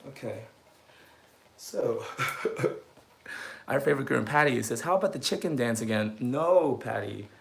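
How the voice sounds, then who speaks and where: A man's voice: mid-range voice, lively intonation, a little slow, gravelly, pauses often, echoey room. A man, a dog groomer, chatting casually while he grooms, rambling and poking fun at himself, laughing at his own jokes.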